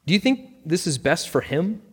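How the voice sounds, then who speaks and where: A man's voice: on the high side, very animated, moderate pace, husky, voice pushed up, heavily acted. A man doing a careful, offhand lawyer. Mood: measured. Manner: hesitant, choosing words carefully. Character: offhand, careful male divorce attorney. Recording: long hall reverb.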